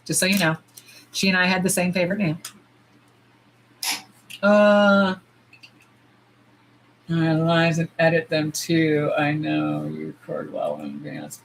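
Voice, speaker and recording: A middle-aged woman hosting a casual livestream. She talks bluntly with plenty of swearing and sometimes breaks into loud squeals. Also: fairly low pitch, measured pace, long pauses, low-quality recording. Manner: blunt, profane and animated, jumping to loud squeals. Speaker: nail polish livestream host. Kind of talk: casual livestream chat while swatching.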